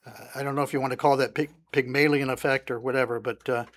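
A man's voice: mid-range voice, steady tone, quick pace. A man teaching through a psalm in a conversational sermon, stopping often with "uh" and lifting his voice when reading verses aloud. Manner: conversational, frequent "uh" fillers, rising emphasis on scripture. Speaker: Bible teacher.

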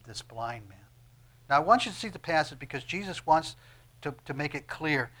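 A man preaching a sermon, swinging between soft, low asides and loud, emphatic peaks, with frequent restarts. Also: lively intonation, moderate pace. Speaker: pastor.

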